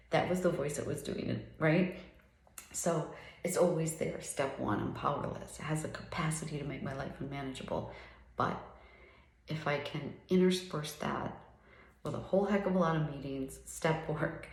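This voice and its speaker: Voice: medium pitch, moderate pace, reverberant, low-quality recording. A person in their fifties giving an earnest, reflective talk about recovery, often checking in with "right?". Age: 50s. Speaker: recovery speaker.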